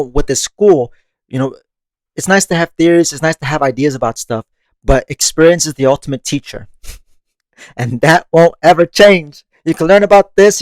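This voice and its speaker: Recorded with no room sound, a fairly high-pitched man talks through his monthly meditation podcast. His take on growth is relaxed and conversational, punctuated by plenty of laughs and offhand swearing.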